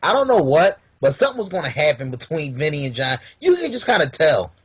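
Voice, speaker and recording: A man's voice: on the high side, wildly swooping pitch, fast talker, husky, dry recording. A man co-hosting a casual movie review podcast, bantering in an easygoing, chuckling way. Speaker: podcast co-host.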